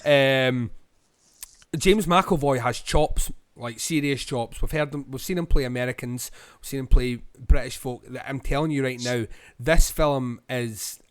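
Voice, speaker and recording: A Scottish man co-hosting a podcast, giving a rambling film review full of ums and pauses. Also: mid-range voice, clean tone, no echo. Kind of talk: casual film review chat.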